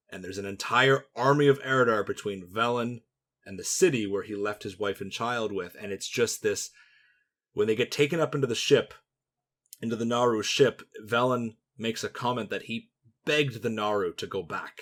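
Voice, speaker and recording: Lower-voiced man retelling lore calmly. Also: moderate pace. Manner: steady storytelling, retelling events step by step. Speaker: podcast co-host. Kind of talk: casual fan lore discussion.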